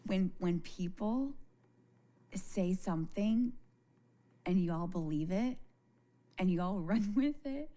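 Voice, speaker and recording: A woman talking casually to viewers on a live stream, candid and halting, swearing freely and often restarting her sentences. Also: medium pitch, lively intonation, dark tone. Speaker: livestreamer.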